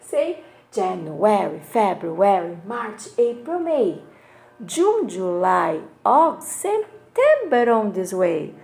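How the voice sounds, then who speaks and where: Woman kindergarten teacher, high lively voice, very slow and drawn out, gravelly fry, sing-song. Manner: slow, sing-song, exaggerated, with frequent questions to the children. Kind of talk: online class for young children.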